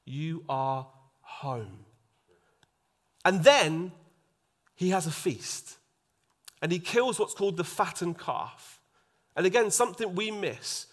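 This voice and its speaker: A man preaching a sermon, acting out the voices in the story and dropping to a soft hush for emphasis. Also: sits high, slow pace, long pauses. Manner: animated, acts out quoted voices, drops to a soft hush for emphasis.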